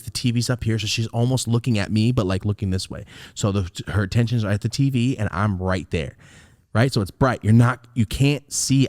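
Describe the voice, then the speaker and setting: A young man hosting a podcast, telling a story in a casual, profane, animated way and acting out the scenes, on a close mic. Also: lowish voice, no room sound. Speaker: podcast host.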